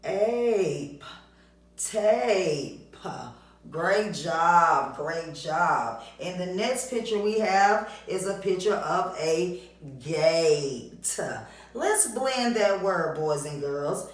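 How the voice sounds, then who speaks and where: A woman's voice: lowish voice, expressive, slow pace, recorded from a distance. Echoey teacher woman, sing-song praise. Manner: encouraging, sing-song praise and call-and-response prompts. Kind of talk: recorded reading lesson for young children.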